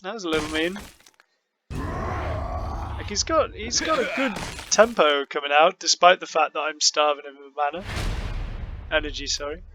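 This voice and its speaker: A man's voice: fairly high pitch, expressive, moderate pace, long pauses, over music. A man giving casual, rambling commentary over his card game matches, often joking at his own expense. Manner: rambling, self-mocking, many fillers.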